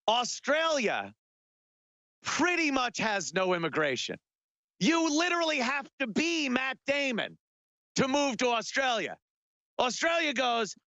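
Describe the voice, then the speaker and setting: A man's voice: very high-pitched, sing-song, unhurried, gravelly, pauses often, bright, forceful tone, no echo. A man hosting a talk radio show, delivering a sarcastic, rambling monologue with lots of filler words.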